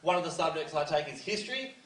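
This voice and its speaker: A man's voice: on the high side, lively intonation, fast, a bit bright, distant mic. A teenage man doing a rambling, self-deprecating stand-up set full of fillers. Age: teens. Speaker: stand-up comedian. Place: school comedy stage before a live audience. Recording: echoey hall from afar, crowd laughing. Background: audience laughter.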